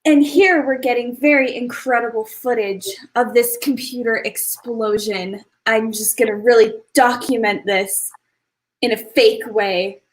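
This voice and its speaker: Woman in deadpan mockumentary narration. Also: a little high, measured pace, rough recording. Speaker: improv performer. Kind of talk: mock-documentary narration.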